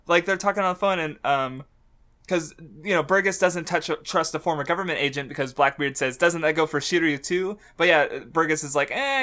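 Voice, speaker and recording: Laughing, swearing man, bright voice. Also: a little high. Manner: excitable, swears often, laughs a lot. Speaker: podcast co-host. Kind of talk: casual chat.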